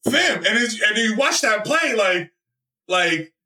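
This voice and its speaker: A man from the Bronx, a podcast guest, telling stories in an excitable, profane way and shouting out the quotes he acts. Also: sits high, slow, reverberant, far from the mic. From the Bronx, New York. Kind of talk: animated casual storytelling.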